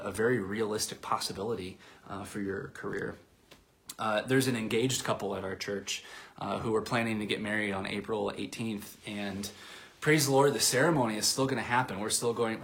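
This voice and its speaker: A man with a lowish voice preaches a sermon in a loose, conversational way. He fills his sentences with little hesitations and restarts, and his voice sometimes sinks to a soft near-whisper. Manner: conversational, with many fillers and restarts. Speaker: pastor.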